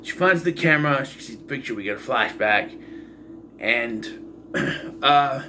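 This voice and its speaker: A man's voice: mid-range voice, expressive, measured pace, noisy background. A man casually reviewing a horror film, rambling through the plot with asides and dry, exasperated remarks on its holes. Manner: rambling, loose retelling with frequent asides and fillers. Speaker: movie reviewer.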